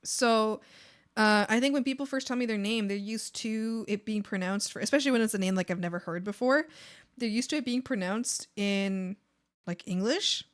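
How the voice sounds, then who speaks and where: A woman's voice: medium pitch, moderate pace. Rambling woman streamer with an American accent. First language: Spanish. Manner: rambling, many fillers and restarts. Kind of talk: casual chat while drawing.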